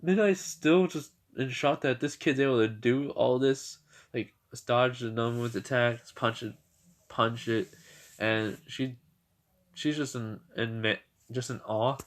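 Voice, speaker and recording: A man's voice: medium pitch, steady tone, a little slow. A young man casually retelling a fan story in a rambling way, with many restarts and laughs.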